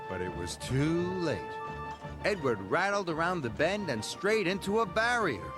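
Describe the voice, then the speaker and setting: Guy narrating a kids show, lively and a bit high, music playing. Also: a little slow. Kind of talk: scripted storybook narration.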